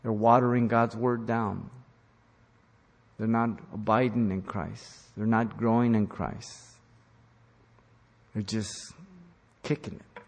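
Gravelly emphatic man preaching in a hall. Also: lowish voice, flat delivery, slow pace, pauses often. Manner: emphatic, rising to loud commands. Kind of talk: sermon. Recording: long hall reverb.

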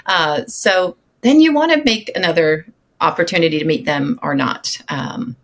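A woman on a podcast as a relationship coach, her voice slightly low for a woman. She hands out advice in an upbeat way and speeds up whenever she makes a point. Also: sing-song, moderate pace. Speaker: intimacy coach, guest. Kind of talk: casual conversational interview.

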